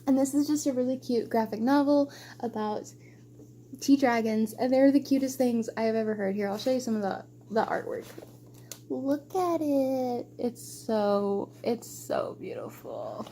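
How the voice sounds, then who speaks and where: This young book vlogger's voice is on the high side yet dark in tone, with lively intonation and a somewhat slow delivery. In a casual wrap-up chat, she gushes emotionally about her books and rambles into asides, over a faint hiss or hum.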